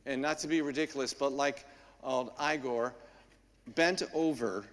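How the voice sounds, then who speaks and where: A man, a priest, giving a homily in a church in a conversational storytelling manner with frequent pauses. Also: medium pitch. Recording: long church reverb.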